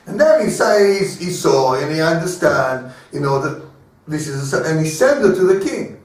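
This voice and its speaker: A rabbi with a Hebrew accent giving an informal Torah class in English, halting and repeating words as he searches for terms, and often chuckling as he explains. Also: on the high side, big pitch swings. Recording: echoey room, speaker far from mic.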